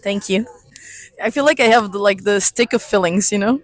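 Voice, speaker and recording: A woman's voice: mid-range voice, moderate pace, no room sound. A young woman from Brazil with a Brazilian Portuguese accent, chatting in a hostel and explaining things insistently. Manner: animated, teasing, explains insistently. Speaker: fellow hostel guest. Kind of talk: casual chat. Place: hostel common room.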